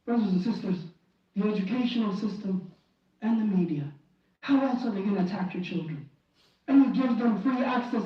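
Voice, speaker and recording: A man's voice: sits high, normal speed. A man giving an impassioned Friday sermon in a mosque, pleading and fervent, often restarting and repeating phrases. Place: mosque prayer hall. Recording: very echoey hall, distant and dull.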